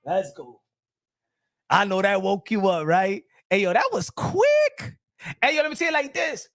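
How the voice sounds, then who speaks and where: A man hosting a boxing livestream, rowdy and laughing, often shouting as he reacts to chat. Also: high voice, sing-song, a little slow, no room sound, studio quality. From Dominican Republic family roots. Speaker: boxing channel host. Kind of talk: excited live commentary.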